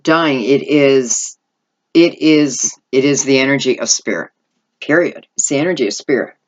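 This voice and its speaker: A woman's voice: extremely low pitch, normal speed. A middle-aged woman giving an intuitive tarot reading, rambling and thinking aloud as she goes. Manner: rambling, thinking aloud, lots of "I feel like" asides. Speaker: tarot reader.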